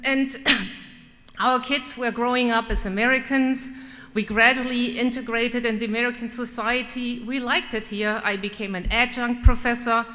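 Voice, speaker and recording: A woman's voice: a little high, bright, forceful tone. A middle-aged woman with a German accent giving an earnest, personal farewell speech as a state legislator, with touches of self-deprecating humor. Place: large legislative chamber. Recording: long reverb in a large hall.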